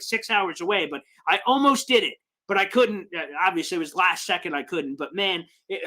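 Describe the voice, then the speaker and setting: Hyped young man, bright shouty fan host. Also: sits high. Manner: hyped, shouting bursts of celebration. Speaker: sports fan livestream host. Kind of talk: excited live-stream fan commentary, reading chat comments.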